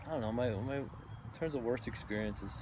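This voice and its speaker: A man's voice: medium pitch, normal speed, noisy background. A man who works as a personal trainer, chatting casually as a guest, with frequent restarts and tag questions. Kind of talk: casual chat.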